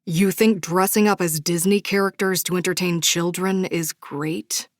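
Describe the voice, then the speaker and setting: A woman voicing a gruff, arrogant young man who speaks curtly and scornfully, in an audiobook. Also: on the low side, steady tone, measured pace, no room sound, clean studio sound, lightly acted. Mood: disdainful. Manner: curt and scornful. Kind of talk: audiobook character voice.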